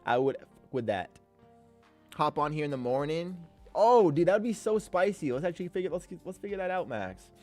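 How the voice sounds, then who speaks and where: A man hosting a live trading stream, talking in an energetic, slangy way with the odd swear word and frequent shout-outs to viewers by name. His voice sits somewhat high for a man. Faint music plays quietly behind him. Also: a little fast. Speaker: livestream host and day trader. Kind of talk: live trading commentary, casual chat.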